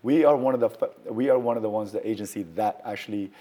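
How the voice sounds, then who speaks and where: A man telling a story as an interview guest, casual and animated, acting out quoted lines with sudden loud jumps in pitch and swapping mild words in for swearing. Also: quick pace. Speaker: guest, firearms trainer.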